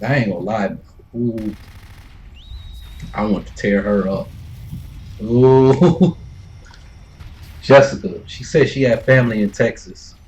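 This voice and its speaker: A man's voice: fairly low pitch, takes it slowly, long pauses, darkish tone, a little hiss or hum, rough recording. A man streaming a game and casually telling a story with loose, laid-back talk, swearing freely and chuckling between lines. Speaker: gaming streamer.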